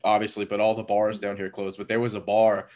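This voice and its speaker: A man in his thirties telling a story in a relaxed, rambling way, full of fillers and laughing at himself. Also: lowish voice, brisk. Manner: laid-back, rambling with many fillers and frequent laughs. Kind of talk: casual storytelling chat.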